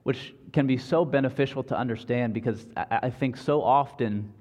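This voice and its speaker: A man's voice: medium pitch, normal speed, a little mellow. A man, as pastor, welcoming a church congregation casually before a sermon. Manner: casual, with fillers and restarts. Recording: reverberant church room, muffled sound.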